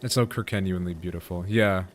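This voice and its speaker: A man's voice: deep voice, fairly quick. Male streamer, casual rambling game chat, faint music under it. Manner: rambling, self-interrupting, chatty with viewers. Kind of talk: casual gaming commentary.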